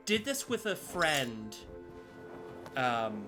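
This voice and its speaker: A man's voice: mid-range voice, expressive, measured pace, long pauses, bright, forceful tone. A man streaming a game live, chatting casually and scattered with viewers, swearing now and then. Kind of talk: casual gameplay commentary. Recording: music playing behind.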